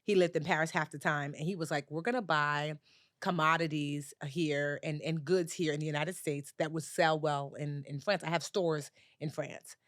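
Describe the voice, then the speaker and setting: A woman, a personal finance educator, telling a story as a podcast guest and acting out the dialogue with lively jumps in her voice. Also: normal speed, no echo, studio quality. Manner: animated storyteller, acts out dialogue with big pitch jumps. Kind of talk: storytelling in a conversational interview.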